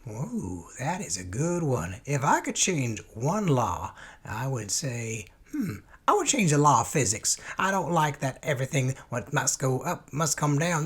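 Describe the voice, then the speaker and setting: A man doing a husky, rambling Southern goof. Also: a bit bright. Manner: rambling, goofy, sudden jumps in pitch. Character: rambling folksy Southern man answering silly questions. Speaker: interviewee. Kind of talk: comedic mock interview.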